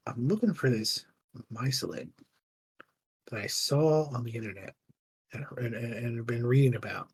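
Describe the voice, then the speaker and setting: An earnest, polite man on the hunt for a swamp creature, as a tabletop player voices him. The voice is husky and barely put on. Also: mid-range voice, moderate pace, pauses often. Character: earnest male investigator seeking a creature.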